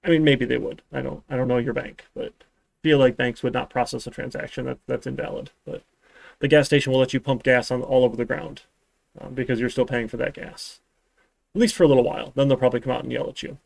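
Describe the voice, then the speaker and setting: Gravelly sarcastic male programming teacher. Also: mid-range voice, steady tone, fast talker, a little mellow, dry recording. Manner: sarcastic, rambling, with dry asides. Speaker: programming instructor. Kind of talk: live-streamed classroom lecture.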